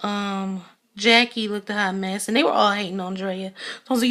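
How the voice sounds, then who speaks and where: A woman's voice: mid-range voice, fairly even intonation, moderate pace, a bit bright. Chatty, blunt woman vlogger. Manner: chatty and blunt, many ums. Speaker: TV show reviewer. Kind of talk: casual vlog review.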